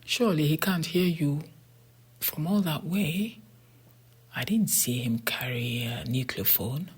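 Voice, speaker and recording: A boy twin who bargains firmly and stays cool, as a breathy narrator voices him. He speaks in a husky near-whisper in a storybook reading. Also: mid-range voice, lively intonation, measured pace. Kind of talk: storybook character voice.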